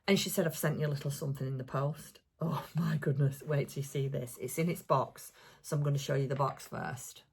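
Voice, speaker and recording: A woman chats through her crafting vlog in a low, slightly husky voice. She gushes and rambles with lots of fillers, thrilled by every little thing she shows. Her talk is casual and homely, like catching up with a friend. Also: brisk. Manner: gushing, excitable, rambling with many fillers. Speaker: crafting vlogger. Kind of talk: casual chatty show-and-tell.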